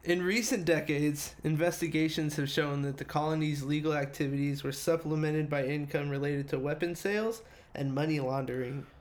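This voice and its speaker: A man's voice: on the high side, fairly even intonation, normal speed. Laughing, foul-mouthed podcast man. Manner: reads notes aloud, breaks off into profane joking asides; laughs often mid-sentence. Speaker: podcast co-host reading the story. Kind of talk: casual podcast chat.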